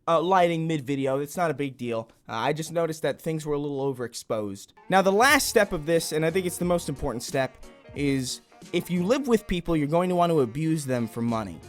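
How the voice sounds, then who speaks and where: A man hosting a deadpan mock how-to, rambling and restarting his sentences, recorded at a home desk. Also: on the high side, a little fast, faint music behind. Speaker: comedy YouTuber parody host. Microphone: desk mic in home setup.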